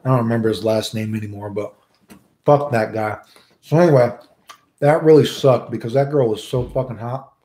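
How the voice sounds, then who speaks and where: A man rambles through a crude personal story, constantly checking in with "right?". His voice sits at an average pitch. The room around him is noticeably echoey. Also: steady tone, normal speed, warm tone. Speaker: storyteller host. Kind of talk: profane casual storytelling. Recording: roomy echo.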